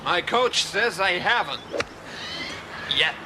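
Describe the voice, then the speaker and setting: An actor playing a laid-back crooner golfer with a slow, easygoing drawl. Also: male voice, high-pitched, expressive, a loud crowd. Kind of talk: sitcom acting. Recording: noisy TV recording with outdoor ambience.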